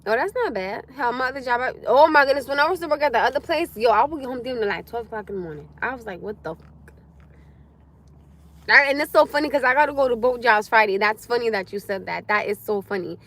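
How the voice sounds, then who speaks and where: A high-voiced young woman chatting to her viewers on a live stream. Her tone is bright and sharp, and she swears freely as she answers comments. Her talk is loose, animated and full of asides. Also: quick pace, hardly any pauses. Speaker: livestream host. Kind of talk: casual livestream chat with viewers.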